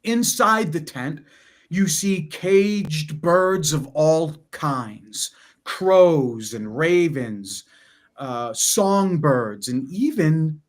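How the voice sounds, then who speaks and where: A man narrating a tabletop game as game master, describing the scene in a halting, unhurried way with fillers. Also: on the high side.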